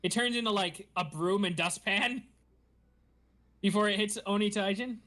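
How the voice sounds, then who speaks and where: A man hosting a podcast, recapping a show in animated, giggly casual chat. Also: high-pitched, a little slow. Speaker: podcast host.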